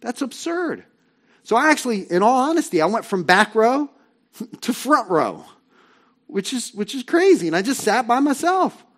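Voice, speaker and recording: A man preaching a sermon as pastor, conversational and animated, telling stories and talking directly to the congregation. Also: high voice.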